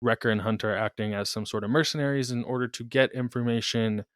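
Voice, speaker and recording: A laid-back man co-hosting a podcast, chatting casually at a middle pitch. He laughs often and swears in passing. His voice is dry and close. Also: steady tone, fast talker, clean tone, no room sound. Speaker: podcast co-host. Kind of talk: casual chat.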